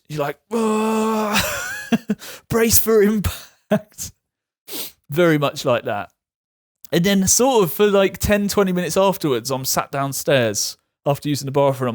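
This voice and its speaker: A man's voice: a little high, no echo, studio quality. A young man telling his own illness story frankly, laughing off the hard parts. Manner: frank and self-deprecating, laughs at hard moments. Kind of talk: candid personal storytelling.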